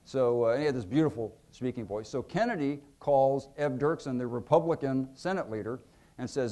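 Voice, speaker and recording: A man's voice: mid-range voice, normal speed. A middle-aged man, an author giving a book talk, telling humorous anecdotes with many fillers and acted-out quotes. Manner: lively storyteller, acts out quotes, many fillers.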